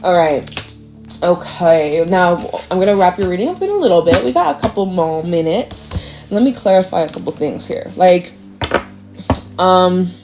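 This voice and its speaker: A woman giving a casual, chatty tarot reading, animated and talkative, now and then jumping into a high acting voice. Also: moderate pace, over music. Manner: chatty, animated, slips into squealy acted quotes. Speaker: tarot reader.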